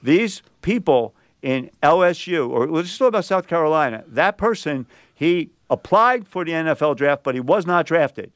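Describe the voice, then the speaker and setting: A man's voice: a little high, expressive, normal speed, few pauses, no room sound, clean studio sound. A man hosting a sports radio show, arguing insistently and talking over his co-hosts. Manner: argumentative, insistent, talks over others. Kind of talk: heated sports radio debate.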